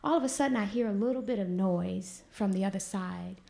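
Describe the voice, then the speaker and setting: A woman spins a personal story for a live audience. Her voice has a gravelly fry at its edges. She talks in loose, animated vernacular and acts out other people's lines. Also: medium pitch, a little fast, a little hiss or hum. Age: 40s. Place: stage before an audience.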